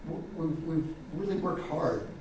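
A pastor preaching a sermon, often repeating words and swinging from loud highs to quiet lows. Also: male voice, lively intonation, slow, a little hiss or hum. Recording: echoey hall from far off.

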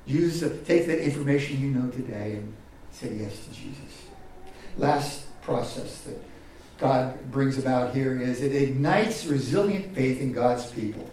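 A pastor preaching a sermon, often repeating words and swinging from loud highs to quiet lows. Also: male voice, unhurried, a little hiss or hum. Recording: echoey hall from far off.

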